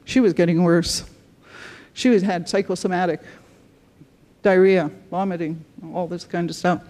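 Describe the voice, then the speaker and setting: A woman's voice: on the low side, steady tone, normal speed, dark tone. A woman giving a conference talk, telling client stories earnestly in short phrases. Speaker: conference speaker.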